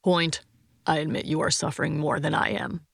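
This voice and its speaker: Woman reading joking man, overly pompous, teasing, gravelly low voice, dry close sound, audiobook. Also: level tone, normal speed, a bit bright, no room sound, exaggerated voice.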